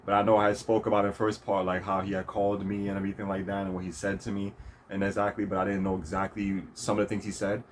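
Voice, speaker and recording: Fast-talking low-voiced man rambling. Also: a little hiss or hum. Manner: rambling, many fillers and restarts, laughs often. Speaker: vlog host. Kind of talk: casual storytelling monologue.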